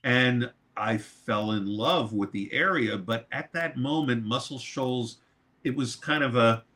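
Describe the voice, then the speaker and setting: Man, from New York, producer guest, animated storyteller, swears, average pitch. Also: unhurried. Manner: animated, swears freely, laughs mid-story. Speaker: guest, record producer and mixer. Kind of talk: storytelling in a podcast interview.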